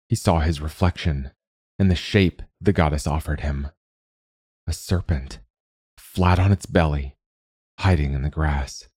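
A man narrating a fantasy story in a steady, even reading. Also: low voice, no echo, studio quality.

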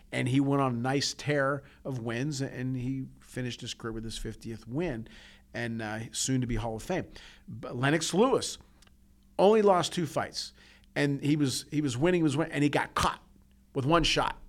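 A man co-hosting a podcast, telling personal stories in an earnest, emotional way, with frequent restarts and repeats. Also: mid-range voice. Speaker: podcast co-host. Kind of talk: casual heartfelt podcast talk.

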